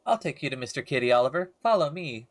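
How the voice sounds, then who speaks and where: A man voicing a calm, mysterious ghost girl who speaks softly and slowly. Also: a little high, natural voice.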